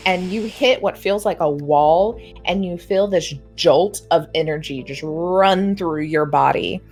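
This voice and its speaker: A woman's voice: fairly low pitch, unhurried, few pauses, darkish tone, soft background music, rough recording. A young woman narrating as game master in a casual, chatty way.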